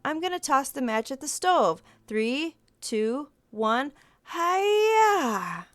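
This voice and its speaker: Animated high-voiced woman reading her game out loud, slow-ish, faint music. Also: smooth, dry recording, clean studio sound. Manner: bubbly, giggly, animated. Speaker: game streamer. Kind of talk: reading a visual novel aloud.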